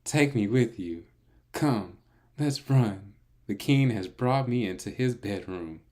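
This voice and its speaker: A man's voice: lowish voice, animated, slow pace, a little mellow, pitched above the performer's own voice. A man doing an adoring young woman in love.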